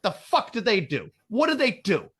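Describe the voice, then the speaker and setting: A man's voice: high voice, huge pitch swings, normal speed, a bit bright, breathy edge. A man co-hosting a casual podcast, rambling and swearing as he rants and acts out mock quotes. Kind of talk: casual profane political banter.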